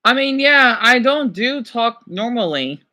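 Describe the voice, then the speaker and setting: An excitable man chatting on a stream, his voice bright and tense as he reads questions aloud. His pitch swings widely from line to line, and he breaks in with quick exclamations and replies to his chat. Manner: animated, exclaiming, talking back to chat. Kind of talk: casual reactive chat, reading quiz questions aloud.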